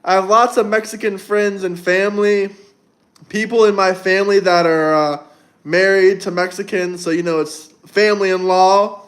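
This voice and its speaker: A man's voice: high voice, fairly even intonation, normal speed, fairly bright tone. A young man hosting a casual livestream, reading viewer comments and answering them bluntly, with plenty of swearing and rambling. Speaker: livestream host.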